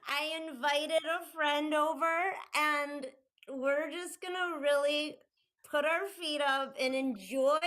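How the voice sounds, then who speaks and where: A woman's voice: high voice, a bit bright. A woman playing an improv scene, sweetly meddling and giggly. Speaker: improv player.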